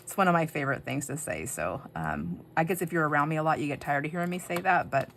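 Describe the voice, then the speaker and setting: A woman's voice: deep voice, expressive, fast talker, creaky, a bit bright, a little hiss or hum. Giggly rambling woman crafter. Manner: rambling, self-interrupting, giggly. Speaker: junk journal crafter. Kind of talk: casual chatty storytelling while crafting.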